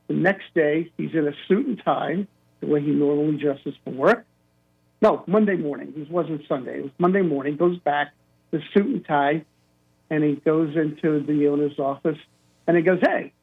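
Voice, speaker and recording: An older man telling an animated story as a caller to a radio show, acting out the quotes. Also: on the high side. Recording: tinny phone line.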